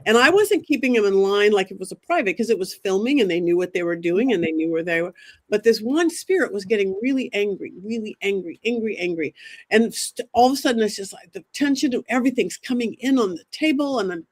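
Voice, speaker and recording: Excitable woman telling a spooky tale. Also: mid-range voice, fast talker. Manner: excitable, quotes herself and others in dramatic asides. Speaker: psychic medium guest. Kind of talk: animated storytelling.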